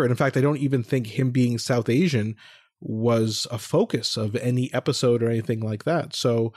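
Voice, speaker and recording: A man with a medium-pitched voice chats on a podcast, hedging as he gives his opinion. He sounds tentative. The recording is dry and close, with no reverb. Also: darkish tone. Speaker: podcast co-host. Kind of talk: casual podcast discussion.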